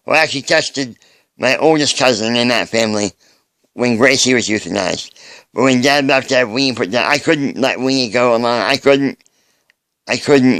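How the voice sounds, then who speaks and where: Earnest man speaking haltingly. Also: mid-range voice, fairly bright tone, clean tone, no echo. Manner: earnest, halting, with frequent restarts. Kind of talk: personal video message.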